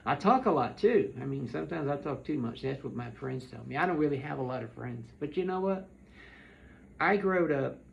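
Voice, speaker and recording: A man speaks earnestly to his viewers in a pleading, heartfelt monologue, stumbling and repeating words as he goes. His voice sits a little high and has a gravelly edge. The recording sounds dull and lo-fi. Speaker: vlogger. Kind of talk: earnest direct-to-camera monologue.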